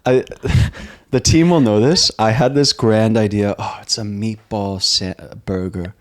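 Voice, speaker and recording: Laid-back man with a lowish voice. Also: measured pace, a little hiss or hum. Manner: relaxed, laid-back, trails off with ums. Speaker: restaurant co-founder guest. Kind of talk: casual interview chat.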